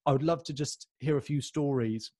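A man's voice: medium pitch, normal speed, warm tone, dry recording. A man hosting a podcast interview, asking long, enthusiastic, rambling questions with many restarts. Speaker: podcast host.

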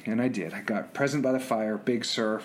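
A middle-aged man telling personal stories about being a father, animated, often repeating words and restarting sentences. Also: lowish voice, a little fast, slight background noise. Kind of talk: casual storytelling.

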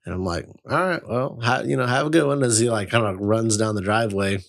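A young man casually telling a long, rambling story, swearing freely and getting animated. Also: fairly low pitch, a little fast, gravelly. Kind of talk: casual chat.

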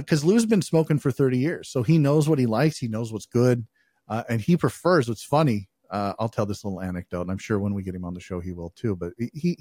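A man's voice: medium pitch, darkish tone, no echo, clean studio sound. A man co-hosting a podcast, telling stories in a loose, rambling, profane way with lots of fillers. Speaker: podcast co-host. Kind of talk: casual chat.

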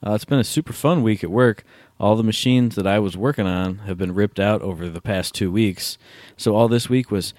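Low guy hosting a podcast, dry mic, kinda jokey and chill. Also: brisk, few pauses, darkish tone, dry recording. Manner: laid-back, joking banter. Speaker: podcast host. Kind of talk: casual chat.

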